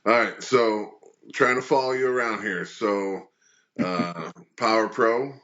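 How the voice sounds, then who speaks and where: A man's voice: on the low side, slow pace, fairly bright tone, highs cut off. A man hosting a podcast interview, giving short reactions and loosely asking questions. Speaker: podcast host. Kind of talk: casual interview chat.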